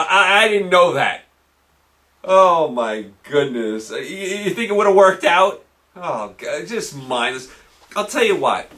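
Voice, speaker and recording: A man's voice: a little high, a bit bright, far from the mic. A man hosting his own sports show, ranting brashly in a monologue, with a combative manner and lines repeated for emphasis.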